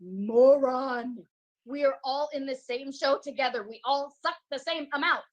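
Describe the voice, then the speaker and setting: A woman's voice: sits high, measured pace, dull audio. An actress playing a foul-mouthed, abrasive young actress who hurls insults at her castmates in a comedic video-call drama. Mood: scornful. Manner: insulting, profane and scornful.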